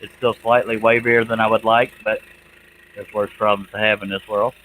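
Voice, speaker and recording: A man's voice: lowish voice, flat delivery, moderate pace, fairly bright tone, a little hiss or hum, poor audio. A man, chatting casually with viewers while he works a scroll saw on a livestream. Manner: folksy, chatty, reads out viewer comments.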